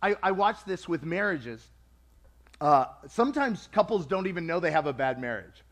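A man preaching a sermon to a congregation in a lively, conversational way, acting out quoted voices. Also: fairly high pitch, normal speed.

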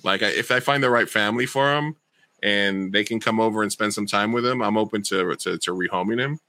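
Casual podcast host, male, lowish voice with a bright edge, rambles and restarts. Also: fairly quick. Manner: rambling, self-correcting. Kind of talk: casual chat.

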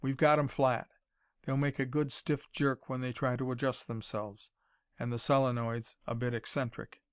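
A cool-headed young inventor who talks in a smooth, suave way, as a man voices him in a storybook reading. His voice sits mid-pitched and level-headed. The recording is dry and close. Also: moderate pace, no room sound, lightly acted. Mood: explaining. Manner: suave, calm.

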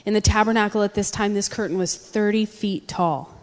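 A woman's voice: mid-range voice, brisk. Woman preaching in an echoing hall. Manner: animated storytelling with acted-out quotes. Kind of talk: sermon. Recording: long reverb of a large hall.

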